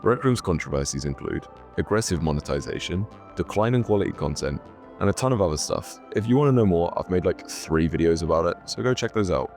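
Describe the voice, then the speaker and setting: Sarcastic low-voiced man doing commentary. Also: animated, fairly quick, darkish tone, soft background music. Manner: sarcastic, mock-serious. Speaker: YouTube host. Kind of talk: scripted video commentary.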